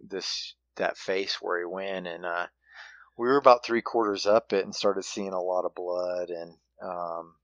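A man casually telling a hunting story in a halting way, with many restarts and fillers. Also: low voice, fairly even intonation, a bit bright, no room sound, muffled recording.

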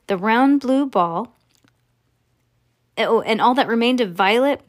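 A woman reading a children's book aloud to a child at home, informal and stumbling now and then, correcting herself as she goes. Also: medium pitch. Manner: informal, with slips and self-corrections. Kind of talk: bedtime story reading.

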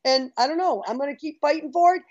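High-voiced determined woman, lo-fi. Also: fast, darkish tone. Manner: determined, emphatic. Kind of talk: impassioned call to action.

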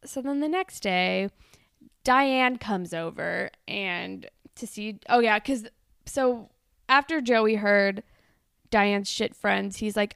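Young woman with a creaky, smooth voice. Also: mid-range voice, takes it slowly, no room sound, clean studio sound. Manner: animated retelling with quoted voices, frequent likes. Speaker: podcast co-host. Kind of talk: casual episode recap chat.

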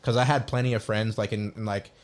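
A man's voice: lowish voice, fairly even intonation, fast. A young man hosting a podcast, rambling and profane, with constant "like" fillers. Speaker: podcast host. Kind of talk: casual podcast chat.

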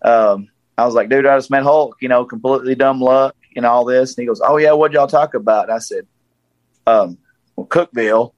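Southern man in his forties, casual storyteller, dry close recording, mid-pitched voice. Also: fairly quick, no room sound, highs cut off. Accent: Southern American. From Tennessee, USA. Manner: animated storyteller, acts out quoted voices.

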